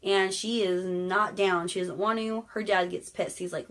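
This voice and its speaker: A woman's voice: medium pitch, steady tone, measured pace, hardly any pauses, fairly bright tone. Chill woman telling a fairy tale her own way, slangy, cusses, irreverent. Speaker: storyteller. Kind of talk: casual fairy tale retelling.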